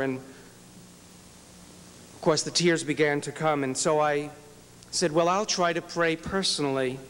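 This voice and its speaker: A man's voice: fairly high pitch, steady tone, unhurried, pauses often, a little hiss or hum. A man, a rabbi, telling a personal story in an earnest, inspirational speech at an event. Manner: earnest, storytelling, acts out quoted prayers softly. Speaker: rabbi and speaker. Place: large event hall. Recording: hall with long reverb.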